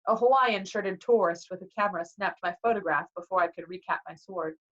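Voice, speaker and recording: A woman reading a novel aloud in a lively way, acting out the dialogue, on a dull lo-fi recording. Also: on the low side, fairly quick. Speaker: reader.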